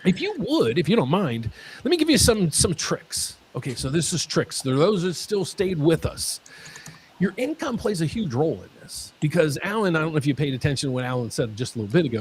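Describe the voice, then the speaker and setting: A man hosting a mortgage Q&A stream, talking in an excitable way and often repeating his words. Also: on the high side, brisk, slight background noise. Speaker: mortgage lender host.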